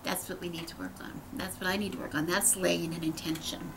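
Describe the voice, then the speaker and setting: A woman's voice: fairly low pitch, flat delivery, brisk, creaky, background noise. A middle-aged woman giving a casual, earnest spiritual talk, rambling with many restarts. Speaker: host.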